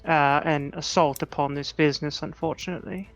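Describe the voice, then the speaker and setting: A man's voice: a little high, fairly even intonation, a bit bright, faint music behind. A man playing his character in a tabletop game, formal in tone, on a dull lo-fi mic. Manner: quick, smooth, formal in character. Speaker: player.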